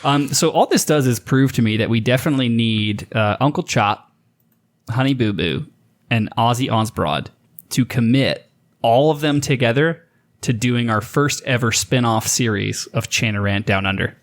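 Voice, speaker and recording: A man's voice: medium pitch, expressive, moderate pace. An American man co-hosting a podcast with brash, sarcastic, profane jokes. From United States. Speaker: podcast co-host. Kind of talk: casual profane podcast chat.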